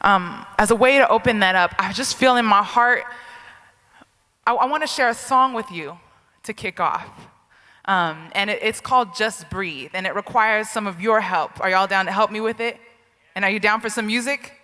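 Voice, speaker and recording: A woman speaks from the stage of a large lecture hall, her bright, clear voice carrying a long reverb tail. She talks energetically and keeps pulling the crowd into call-and-response. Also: mid-range voice, moderate pace. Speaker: keynote speaker and hip hop activist. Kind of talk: live keynote address.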